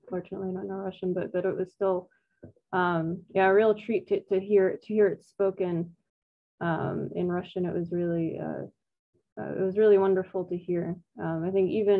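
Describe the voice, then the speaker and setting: A woman guest on a video call, warmly praising, stammering and repeating words. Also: medium pitch. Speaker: guest speaker. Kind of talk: casual chat on a video call. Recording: tinny phone-like line.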